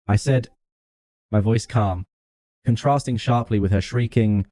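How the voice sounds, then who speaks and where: A man narrating a first-person story in a calm, even, scripted delivery. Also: lowish voice, unhurried, long pauses, no echo.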